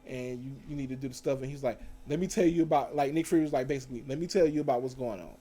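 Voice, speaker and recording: A man recapping TV episodes in a casual, slangy, animated way, full of fillers and self-corrections. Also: medium pitch, racing. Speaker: TV show reviewer. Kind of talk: casual recap with acted quotes.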